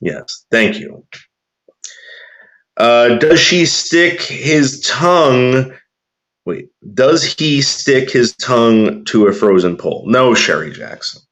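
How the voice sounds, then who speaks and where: A man's voice: medium pitch, animated, slow pace, a bit bright, dull audio. A man casually chatting and telling a rambling, profane story while reacting to viewer comments.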